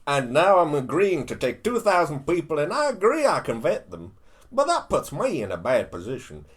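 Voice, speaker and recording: A man doing a low, loud, whiny impression of a blustering, complaining older male president. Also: huge pitch swings, normal speed, slightly rough, full character voice.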